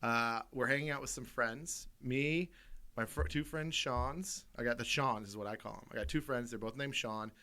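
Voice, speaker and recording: A man co-hosts a comedy podcast from a studio, his mid-range voice bright and forceful at a moderate pace. He drifts through casual stories, clearly amused with himself, laughing in the middle of them.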